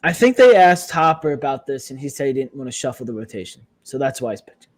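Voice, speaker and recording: A man co-hosting a sports podcast in casual chat, reading off stats and matchups in a brisk, upbeat way. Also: medium pitch, expressive, no room sound. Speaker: podcast co-host.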